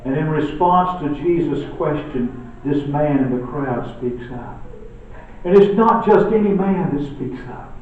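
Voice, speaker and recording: A man preaching a sermon, swinging between loud emphatic lines and hushed quiet ones. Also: fairly high pitch, unhurried, slight background noise. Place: church sanctuary. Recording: echoey church room from far off, dull.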